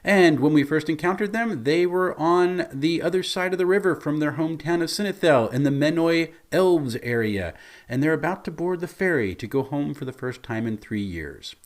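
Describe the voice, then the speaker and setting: A man's voice: fairly high pitch, lively intonation, moderate pace. A man, a game master, chatting through what happened in his tabletop campaign with an amused storyteller's manner. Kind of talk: recounting a tabletop game session.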